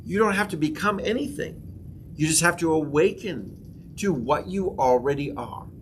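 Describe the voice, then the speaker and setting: A middle-aged male pastor leads a church class in a slightly high voice, swinging up into emphatic proclamations. He has the room repeat affirmations after him. A faint room hum sits behind him. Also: normal speed. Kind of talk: sermon class teaching.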